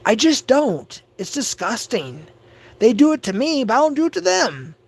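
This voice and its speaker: A man's voice: extremely high pitch, big pitch swings, moderate pace, gravelly, breathy edge. An agitated man ranting on his livestream, stammering and repeating himself. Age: adult. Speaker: livestream host. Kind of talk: livestream rant.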